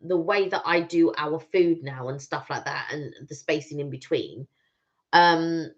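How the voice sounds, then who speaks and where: A woman's voice: sits low, unhurried. A woman co-hosting a live stream, chatting casually and teasing her partner. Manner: teasing, animated. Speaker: channel co-host. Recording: dull lo-fi stream audio.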